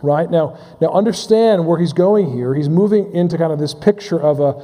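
Echoing with the long reverb of a large hall, a pastor preaches in a warm, higher-pitched voice. He stops and restarts phrases, repeats words and asks the congregation questions.

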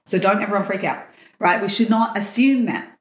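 A woman's voice: medium pitch, fairly quick, echoey room. A woman guest on a podcast, telling a personal story with feeling and acting out the lines of the people in it. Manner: animated, acts out quoted dialogue. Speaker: dating coach guest.

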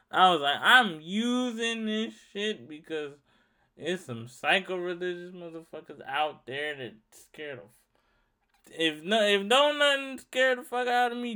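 Bright, clear-voiced profane young man. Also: high voice. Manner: profane, rambling, animated storytelling. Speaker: podcast host. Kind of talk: casual monologue.

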